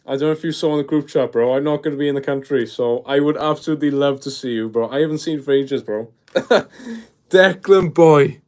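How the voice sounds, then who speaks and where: Excitable young man live streaming. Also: mid-range voice, quick pace, few pauses. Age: 20s. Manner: excitable, peppers speech with "bro", reads chat aloud. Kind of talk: casual live stream chat.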